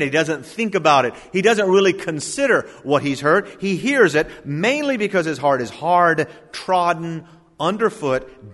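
A man, a pastor, delivering a sermon, swinging between loud emphatic lines and hushed asides. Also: on the high side. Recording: long reverb of a large hall.

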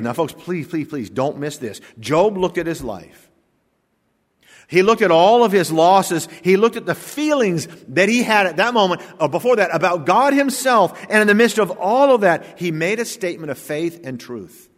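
A male pastor preaching a sermon, emphatic, firing off rhetorical questions and swinging from hushed to loud. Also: high voice, lively intonation, normal speed. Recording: long reverb of a large hall.

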